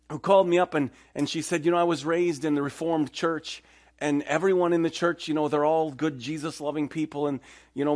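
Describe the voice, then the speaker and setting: Animated male pastor preaching. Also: fairly high pitch. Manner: animated storytelling, acting out quoted voices. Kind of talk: sermon. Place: church.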